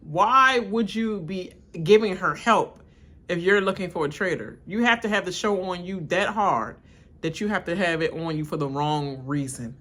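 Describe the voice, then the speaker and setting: A woman's voice: lowish voice, moderate pace, fairly bright tone. A woman doing a live watch-along of a reality show, laughing often and acting out the cast in exaggerated voices while she rants bluntly. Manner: blunt, ranting commentary. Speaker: reality TV reaction streamer.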